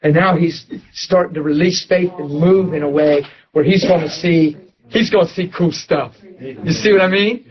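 A man preaching to a church audience, telling a story with lively laughter and excited outbursts. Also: high-pitched, lo-fi sound. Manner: animated, laughing, voice jumps up when excited. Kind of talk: storytelling sermon.

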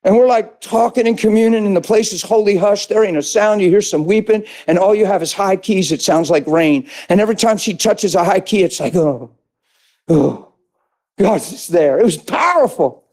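A man preaching as a pastor, telling a story with a shift from hushed talk to shouted praise. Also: sits high, fairly quick, few pauses. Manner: animated, swings from shouting to hushed. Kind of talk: sermon storytelling.

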